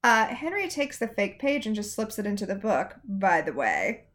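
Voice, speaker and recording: A woman co-hosting a show recap in casual chat, with sarcastic, animated asides. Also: mid-range voice, moderate pace. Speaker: podcast co-host.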